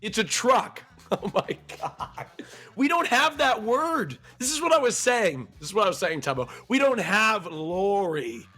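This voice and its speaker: An American man hosting a streamed interview, energetic and joking, often repeating himself mid-sentence. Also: high voice, unhurried, husky, faint music behind. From United States. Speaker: stream host.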